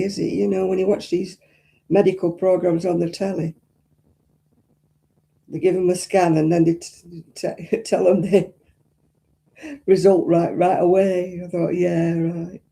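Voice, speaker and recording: A woman's voice: on the low side, flat delivery, unhurried, gravelly, pauses often, warm tone. A woman chatting casually and homely to her live-stream viewers as she crochets, rambling and yawning often. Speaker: craft live-stream host.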